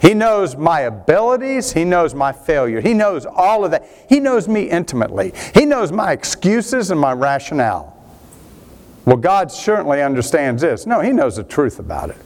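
A male pastor delivering a sermon with a slightly high voice. His pitch swoops constantly, climbing when he presses a point and dropping low for the reflective lines. He preaches with animated, conversational energy. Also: normal speed. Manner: animated preaching, rising and falling with emphasis.

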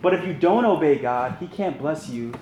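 A man's voice: on the high side, animated, moderate pace, roomy sound, lo-fi sound, slight background noise. A man leading a men's Bible study, preaching earnestly in a conversational way and asking his listeners to respond. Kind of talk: sermon.

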